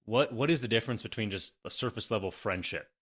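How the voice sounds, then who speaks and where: A man hosting a podcast interview, asking thoughtful questions in a measured way. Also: fairly low pitch, fairly bright tone, slightly rough. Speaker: podcast host.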